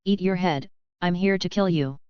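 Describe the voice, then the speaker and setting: A defiant young male swordsman speaks in an audiobook, read by a woman. The voice is low, smooth and close, on a dull, lo-fi recording. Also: moderate pace, dry recording, close to an everyday voice.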